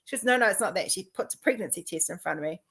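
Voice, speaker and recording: A woman's voice: on the low side, rapid-fire, creaky, slightly rough. Chatty middle-aged woman telling stories. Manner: chatty, animated storytelling, acting out quoted dialogue. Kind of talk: casual personal conversation.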